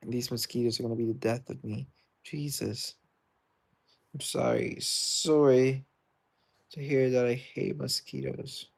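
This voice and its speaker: A man's voice: medium pitch, lively intonation, a little slow, vocal fry, long pauses, a little mellow, slightly rough. A man with a British accent, streaming a game and chatting loosely with viewers, answering their comments as he plays. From Britain. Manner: rambling, reads and answers viewer comments aloud. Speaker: livestreamer. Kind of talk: casual livestream chat while gaming.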